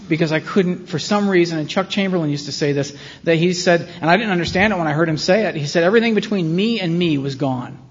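A man's voice: on the high side, fast, hardly any pauses, breathy edge. A man with a slightly raised voice gives a rambling, sardonic personal testimony in a meeting hall. His words carry a long, hanging reverb and come through dull and lo-fi, with a faint hiss underneath. He mocks himself as he goes. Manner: rambling, sardonic storytelling with self-mocking asides. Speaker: speaker sharing his story at a recovery meeting.

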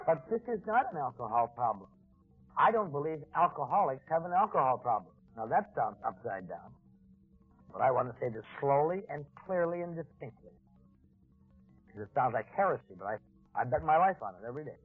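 Husky-voiced man giving an earnest recovery talk. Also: medium pitch, very animated, faint music behind. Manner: earnest, deliberate, wry asides. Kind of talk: personal recovery talk to an audience. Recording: tinny old phone-like recording.

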